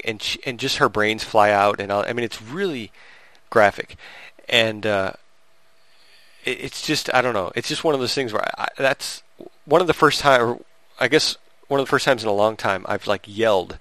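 A medium-pitched man, recorded with no echo, reviews a movie as a podcast co-host. He retells the plot in an animated, rambling way, restarting often and laughing as he goes in casual conversation.

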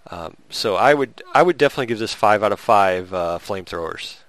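Reviewing a movie on a podcast he co-hosts, a man with a voice on the low side talks fairly quickly in a dry recording. He retells the film casually and animatedly, rambling, restarting often and laughing.

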